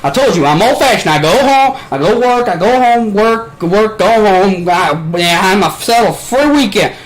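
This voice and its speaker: Southern US drawl, cranky old-fashioned guy, loud cursing rant, strained high voice. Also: animated, moderate pace, slight background noise, low-quality recording. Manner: ranting, cursing, shouting.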